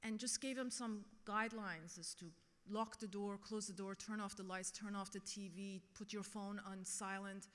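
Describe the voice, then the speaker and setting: A woman's voice: medium pitch, steady tone, moderate pace, hardly any pauses, fairly bright tone. A middle-aged woman giving a keynote speech and telling a personal story earnestly. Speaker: keynote speaker. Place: conference hall. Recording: long reverb of a large hall.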